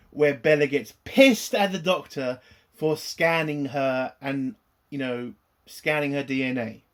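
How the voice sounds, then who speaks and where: A man's voice: fairly high pitch, fairly bright tone. A man ranting through a TV episode review, profane, exasperated and sarcastic.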